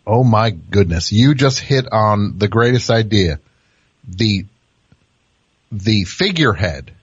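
A man's voice: fairly low pitch, lively intonation, takes it slowly, husky, no room sound. A male radio host riffing on a comedic call-in show, building jokes and acting out little scenes. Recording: dry, slightly dull audio.

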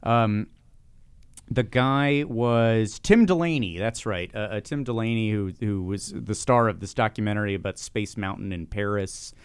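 Excitable man chatting on a podcast. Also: fairly low pitch, moderate pace, clean tone, no room sound. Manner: excitable, laughs often, stumbles over words. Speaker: podcast co-host. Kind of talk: casual chat.

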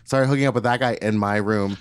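A man's voice: fairly low pitch, steady tone, quick pace, clear, resonant tone. A man in his thirties co-hosting a podcast, telling a rambling, profane story in casual chat. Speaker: podcast co-host.

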